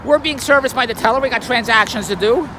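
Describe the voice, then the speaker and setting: A man's voice: extremely high pitch, fast talker. A man telling a rambling, wry everyday story in a grumbling, self-amused way, recorded in a car by a busy street. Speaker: vlogger. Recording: noisy street traffic behind.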